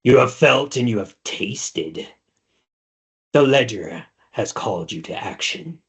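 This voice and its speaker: A man voicing a possessed woman seer whose voice turns deep and unearthly, speaking slowly and ominously. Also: lively intonation, vocal fry, a bit bright, husky, heavily acted. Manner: slow, ominous intoning. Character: possessed seeress woman, void voice.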